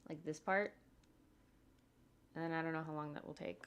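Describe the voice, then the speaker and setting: A woman's voice: deep voice, fairly even intonation, moderate pace, smooth. Woman animator thinking aloud. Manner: thinks aloud, rambling, chatty asides. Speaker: animator streaming her work. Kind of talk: casual livestream talk while working.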